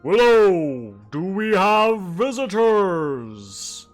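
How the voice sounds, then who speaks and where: A man voicing an ancient talking tree with a slow, grand, booming voice. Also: big pitch swings, faint music behind, exaggerated voice.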